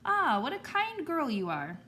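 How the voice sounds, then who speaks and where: A woman's voice: high-pitched, wildly swooping pitch, unhurried, pushed and bright, reverberant, slight background noise, pitched above the performer's own voice, heavily acted. A woman voicing a sneaky, hungry male wolf with a growly, sly way of talking in a storybook reading.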